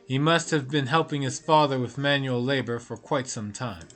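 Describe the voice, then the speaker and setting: A man's voice: mid-range voice, fairly even intonation, moderate pace, fairly bright tone, faint music behind. A man streaming a story game, reading the narration aloud with offhand asides.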